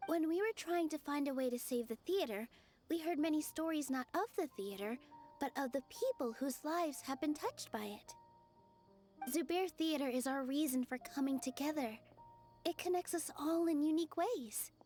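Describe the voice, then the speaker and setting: A woman reading game dialogue aloud in an earnest, steady way. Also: high voice, moderate pace, faint music behind.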